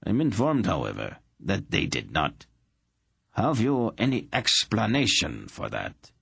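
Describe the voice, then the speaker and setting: A man's voice: deep voice, huge pitch swings, unhurried, creaky, fairly bright tone, slightly rough, no room sound, studio quality, heavily acted. A man voicing an urbane, cruel emperor in an audiobook, speaking with silky, polite menace.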